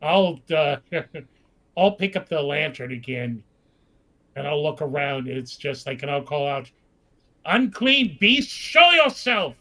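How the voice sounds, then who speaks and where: A man's voice: a little high, steady tone, a little slow, gravelly, long pauses. A man playing in a tabletop game, engaged and declaring his character's actions in first person. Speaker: player. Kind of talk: tabletop role-play, speaking as his character.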